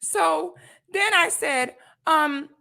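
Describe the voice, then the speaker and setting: A woman telling a personal story on a livestream in a casual, animated, slangy way. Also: on the high side, unhurried.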